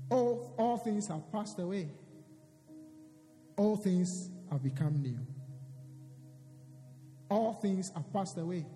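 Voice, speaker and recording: A man preaches with a high, lively voice that swoops up and down as he reads scripture and repeats his points for emphasis. His voice rings through a reverberant church hall with faint music underneath. The delivery is sermon-style, punctuated by call-and-response exclamations.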